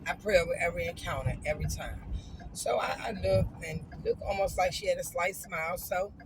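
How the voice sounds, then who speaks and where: A woman's voice: lowish voice, fairly quick, noisy background. A woman vlogger telling a casual, emphatic story straight to her viewers.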